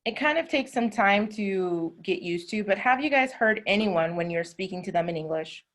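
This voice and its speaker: A woman with a Southern American accent, teaching an English class over a video call and explaining patiently with drawn-out words. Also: mid-range voice, animated, a bit bright. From southern United States. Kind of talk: online class instruction.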